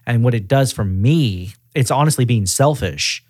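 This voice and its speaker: A man with a medium-pitched voice speaking at a moderate pace is a regional director of auto repair shops, interviewed on a casual podcast. He's an animated storyteller who acts out the dialogue in his stories. The studio-quality audio has no echo.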